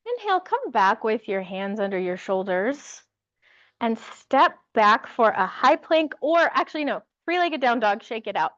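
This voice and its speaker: A woman teaching a yoga class, giving calm, encouraging cues and laughing lightly now and then. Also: a little high, a little slow, no room sound, muffled recording. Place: yoga studio with music.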